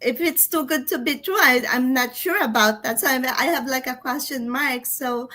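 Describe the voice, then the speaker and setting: A woman guest speaking in a casual conversation, hesitant and halting, with many restarts. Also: high voice, bright, forceful tone. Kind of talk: casual chat.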